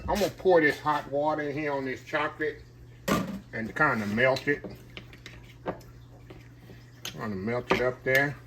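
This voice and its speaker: An older man hosts a casual home cooking video, chatting in a folksy way with viewers while working in his kitchen. He speaks unhurriedly in a mid-range voice, pausing often, with background noise audible.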